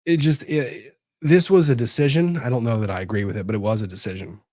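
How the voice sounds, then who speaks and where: A man's voice: medium pitch, fairly even intonation, fast talker, a little mellow, no echo, clean studio sound. A man hosting casual legal commentary, talking to himself as he hunts for documents and rambles on. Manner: rambling, talks to himself while searching documents. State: disorganized after moving.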